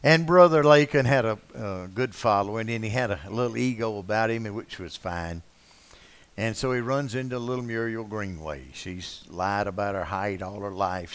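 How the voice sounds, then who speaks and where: An older man preaching a sermon, telling rambling anecdotes full of uh fillers and swinging between loud and soft passages. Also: on the low side, moderate pace. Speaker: pastor. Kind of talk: sermon with folksy storytelling.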